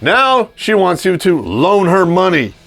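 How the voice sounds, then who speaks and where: A man's voice: sits high, sing-song, measured pace, creaky, fairly bright tone. A man hosting a video, delivering a crude, sarcastic comedic rant with laughing asides. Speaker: vlog host. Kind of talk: ranting comedic monologue.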